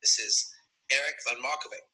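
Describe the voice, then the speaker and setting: Husky man giving a profane lecture. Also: mid-range voice, fairly quick, sharp tone. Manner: crude, emphatic, swears constantly. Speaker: seduction coach.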